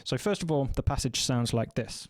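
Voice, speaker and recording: A man teaching percussion, explaining rhythms in a measured, methodical way and counting beats aloud. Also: mid-range voice, expressive. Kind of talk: instructional explanation.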